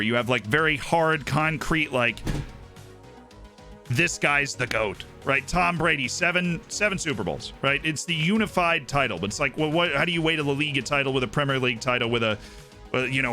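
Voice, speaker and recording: A man's voice: fairly high pitch, bright, forceful tone. A man streaming live, rambling through his opinions in casual chat and often checking in with "right?".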